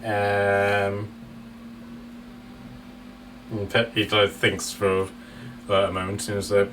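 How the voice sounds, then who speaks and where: A man's voice: fairly low pitch, monotone, takes it slowly, long pauses, background noise. Giggly rambling male game master. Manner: giggly, rambling with many fillers. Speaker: dungeon master. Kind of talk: narrating a tabletop game.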